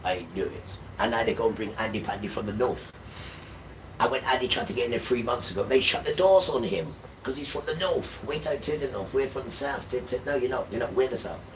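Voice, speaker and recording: A man preaches to his livestream audience, his voice bright and forceful. He drives points home by repeating them, jumping from sudden loud bursts to low, muttered asides. Faint noise hums underneath. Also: low-quality recording. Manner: emphatic, repetitive, swings between loud outbursts and low mutters. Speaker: livestream host. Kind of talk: impassioned spiritual monologue.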